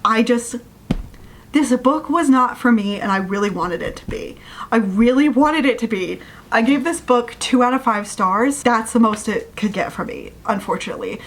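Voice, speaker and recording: A woman's voice: medium pitch, a bit bright, a little hiss or hum. A woman hosting her channel, giving a casual, sarcastic rant review of a novel and sounding exasperated at the plot. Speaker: book reviewer.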